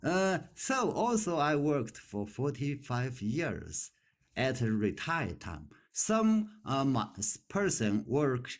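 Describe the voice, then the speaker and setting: A man in his sixties, retired, speaking simple, halting non-native English with many fillers in a casual practice conversation. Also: mid-range voice, huge pitch swings.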